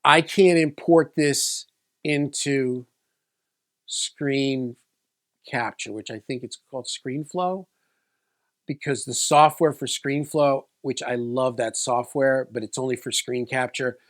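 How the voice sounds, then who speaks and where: A man's voice: medium pitch, takes it slowly, a bit bright. A man in a casual vlog, telling a personal story in a loose, rambling way with many restarts. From South Florida. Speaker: video creator.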